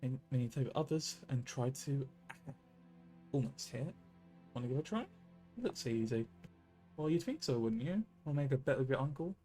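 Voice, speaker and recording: Man doing a folksy miner uncle, mellow, mid voice, teasing tone. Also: medium pitch, normal speed, long pauses, soft background music, natural voice. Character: good-natured uncle, a miner, playful. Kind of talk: reading game dialogue aloud.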